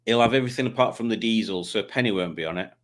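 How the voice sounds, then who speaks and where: A man's voice: lowish voice, racing, a bit bright. Chatty man hosting a stream. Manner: chatty, jokey, does silly voices for commenters. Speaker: live stream host. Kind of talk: casual chat reading live comments.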